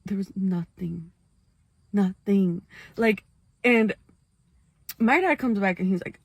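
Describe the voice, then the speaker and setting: A woman telling her own scary experience in a casual storytime, animated and full of fillers, talking straight to her viewers. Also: medium pitch, moderate pace, creaky, no room sound.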